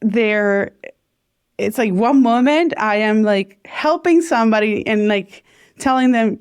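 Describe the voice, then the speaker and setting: A woman's voice: mid-range voice, animated, measured pace, clear, resonant tone. A woman from Rico, a podcast guest chatting casually and reflectively, laughing often between thoughts. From Puerto Rico. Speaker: podcast guest, bilingual content creator. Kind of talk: casual interview chat.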